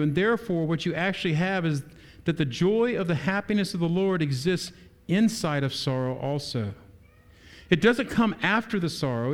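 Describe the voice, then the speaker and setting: A pastor preaches to his congregation in a man's high, light voice. He asks question after question and works each point with animated energy. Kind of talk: sermon.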